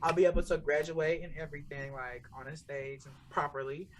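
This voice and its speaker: Young woman, early twenties, from the southern us, lowish voice, upbeat, chatty podcast co-host. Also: fairly even intonation, a little fast, slight background noise. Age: early 20s. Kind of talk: casual chat.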